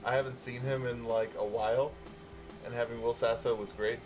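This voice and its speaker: A man co-hosting a casual movie review podcast, relaxed and full of fillers, swearing freely. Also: mid-range voice, a little fast, faint music behind. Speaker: podcast co-host.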